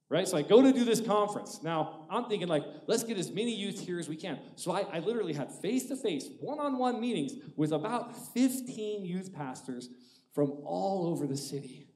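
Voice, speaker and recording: A man in his forties preaching a sermon, telling a personal story in an animated way that swings between loud and hushed. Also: sits high, brisk. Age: 40s. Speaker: pastor. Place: church auditorium. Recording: echoey church hall.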